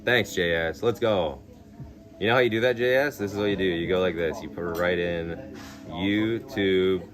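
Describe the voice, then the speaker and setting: Blunt, low-voiced young guy streaming. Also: normal speed. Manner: blunt, swears a lot, many "like" fillers. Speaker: live streamer. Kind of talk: casual live-stream chat. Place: outdoors in a town at night. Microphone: phone. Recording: music playing behind.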